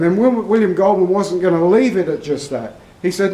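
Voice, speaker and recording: An Australian man and regular vlogger, telling a long, rambling anecdote to camera in a meandering, unhurried way. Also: high voice, mellow. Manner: slow, meandering storyteller. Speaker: vlogger, horse owner. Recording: roomy echo, from far off the mic.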